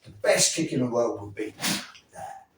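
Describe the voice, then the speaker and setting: A man's voice: medium pitch, expressive, normal speed, distant mic, noisy background. A man teaching self-defense moves, blunt and profane, often checking in with the listener. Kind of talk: demonstration teaching. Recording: echoey room, off mic, faint ambience.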